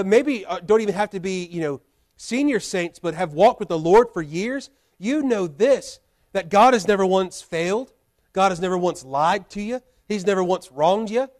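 A man's voice: high-pitched, darkish tone. A male pastor preaching a sermon in a church, earnest and full of repeated rhetorical questions. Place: church sanctuary.

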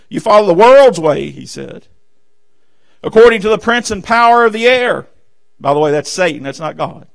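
A man preaching a sermon from the pulpit of a church, fervent and emphatic, swinging between loud declarations and hushed asides, repeatedly calling out "amen" and "listen.". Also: fairly high pitch, creaky. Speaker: pastor. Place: church sanctuary.

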